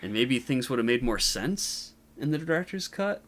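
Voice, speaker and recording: A man's voice: mid-range voice, very animated, moderate pace, a bit bright. Man rambling about a movie. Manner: rambling, frequent fillers and restarts. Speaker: podcast co-host. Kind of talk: casual movie review chat.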